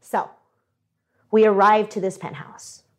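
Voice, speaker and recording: A woman's voice: medium pitch, slow pace. A woman co-hosting a podcast, telling a story in casual chat and acting out the voices of the people in it. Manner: animated, acts out quoted voices. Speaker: podcast co-host. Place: studio with audience.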